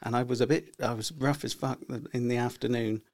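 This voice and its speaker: Chatty middle-aged man, gravelly. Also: mid-range voice, fairly even intonation, brisk, darkish tone. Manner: rambling storyteller, acts out quotes. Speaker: podcast co-host. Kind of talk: casual chat.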